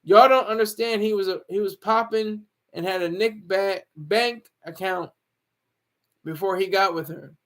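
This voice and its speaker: A man with a high voice hosts a loose, joking livestream from home. He laughs often and answers viewer comments as they come in. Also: a little slow, fairly bright tone. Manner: joking, laughs often, reads chat aloud. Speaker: livestream host.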